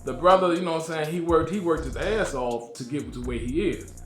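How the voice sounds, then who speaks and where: A man's voice: a little high, brisk, a bit bright, echoey room, soft background music. A man hosting his own channel, giving a casual, slangy episode review and talking straight to his viewers.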